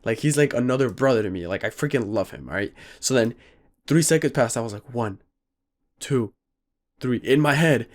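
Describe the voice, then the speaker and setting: A teenage boy telling a story in a vlog, rambling and animated, saying "like" and "freaking" often. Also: moderate pace.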